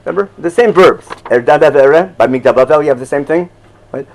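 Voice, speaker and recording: Older rabbi, chatty teaching. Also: male voice, on the high side, fast, poor audio. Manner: conversational, keeps checking "you follow?", chuckles at own jokes. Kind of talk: informal Torah class.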